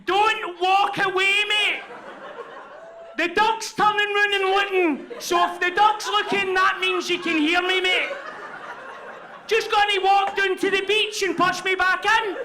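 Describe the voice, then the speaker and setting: A Glaswegian man voicing a stranded baby mermaid who yells and begs frantically for help, live on stage. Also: level tone, a little slow. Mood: frantic pleading. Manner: shrill desperate pleading, yelling. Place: comedy venue. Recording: live room with loud crowd and noise.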